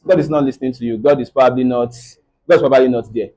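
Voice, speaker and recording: A man's voice: mid-range voice, fast, a little mellow, low-quality recording. A young Nigerian man with a Nigerian English accent, giving a faith-based motivational talk to a live audience in a preacherly way and often checking in with "right?". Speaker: motivational speaker.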